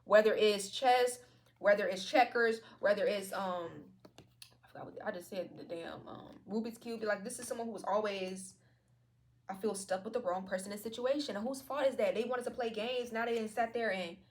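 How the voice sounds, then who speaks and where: A woman's voice: mid-range voice, normal speed. A woman giving a casual tarot reading to her viewers, talking in a slangy, profane and playful way. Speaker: tarot card reader.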